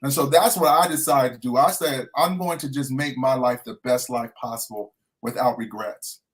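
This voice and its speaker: A man's voice: medium pitch, normal speed. A middle-aged man, a transformation coach, talking earnestly in an inspirational interview and repeating his key phrases like a preacher.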